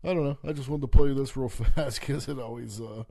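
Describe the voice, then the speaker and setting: A man holds forth in a mellow, darker voice, cursing freely and stumbling over his own fillers as he rants. The sound is close and dry, with no room around it. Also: medium pitch, gravelly, no room sound. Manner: heavy swearing, halting with many fillers. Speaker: podcast host. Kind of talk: profane rambling rant.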